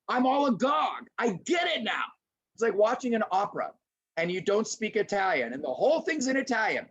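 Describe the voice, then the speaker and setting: A middle-aged man presenting a lively webinar lecture to teachers, acting out little scenes as he goes. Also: high-pitched, fairly quick, breathy edge, raised voice. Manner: animated, acts out little scenes in voices. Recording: dull lo-fi webinar audio.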